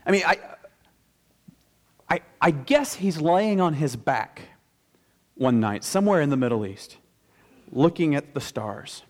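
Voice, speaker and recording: A male pastor giving a conversational sermon, stressing key phrases slowly and emphatically. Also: fairly high pitch, big pitch swings.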